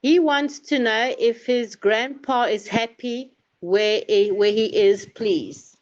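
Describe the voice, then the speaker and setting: A woman's voice: fairly high pitch, takes it slowly, darkish tone. A woman reading viewers' questions aloud on a live stream, hesitant and stumbling over names. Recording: dull lo-fi stream audio.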